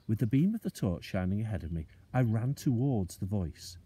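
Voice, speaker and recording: A male teacher reading a children's book aloud, expressive and slowing down for suspense. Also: on the low side, husky, no echo.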